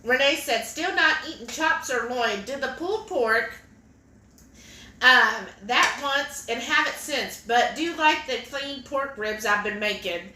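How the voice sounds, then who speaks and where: A woman's voice: high voice, lively intonation, a little slow, bright, forceful tone, a little hiss or hum. Giggly woman reading chat comments. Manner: chatty and giggly, reads comments aloud. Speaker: cooking stream co-host. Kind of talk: casual livestream chat, reading viewer comments aloud. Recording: echoey kitchen room.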